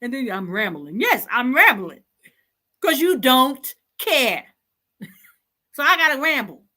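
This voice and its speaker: A woman's voice: high voice, very animated, slow pace, bright, forceful tone. A woman hosting an online talk show, scolding her listeners in an impassioned, exasperated and repetitive way.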